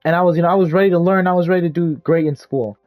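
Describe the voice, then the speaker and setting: A man's voice: a little high, steady tone, rapid-fire, darkish tone. A young man telling a rambling, profane, self-deprecating story casually while playing a game. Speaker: gaming YouTuber. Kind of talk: casual storytime over gameplay.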